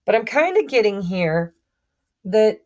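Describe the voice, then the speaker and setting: A woman's voice: medium pitch, very animated, measured pace, a little mellow. A woman giving a chatty tarot reading to her viewers, often stumbling and correcting herself as she goes. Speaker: tarot reader. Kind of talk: casual tarot reading to camera.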